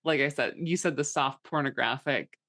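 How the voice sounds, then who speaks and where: A woman co-hosting a podcast in casual chat, relaxed and hesitant with many fillers. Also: extremely low pitch, normal speed, no echo, studio quality. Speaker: podcast co-host.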